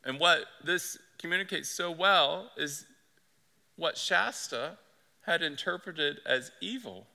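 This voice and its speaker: A man's voice: a little high, lively intonation, slow, vocal fry, bright, forceful tone, in a large hall. A male pastor preaching a sermon in an earnest, conversational way. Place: church sanctuary.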